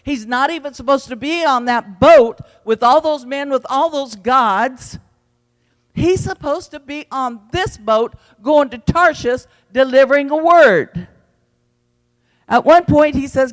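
A man preaching an evening sermon in a church, swinging between loud calls and quiet, low passages. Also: lively intonation, normal speed. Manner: fervent preaching with big swings in pitch and loudness. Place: church sanctuary. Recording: long hall reverb.

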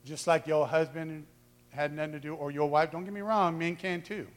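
A man preaching a lively sermon, acting out quoted voices and shouting for emphasis. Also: fairly high pitch, normal speed, big-room sound. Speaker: pastor.

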